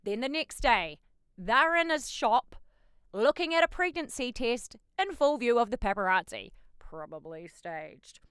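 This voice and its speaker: A woman hosting a pop culture gossip show in a bubbly, cheeky way, with sudden loud outbursts. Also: fairly high pitch, expressive, measured pace, clean tone, dry recording, clean studio sound. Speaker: host.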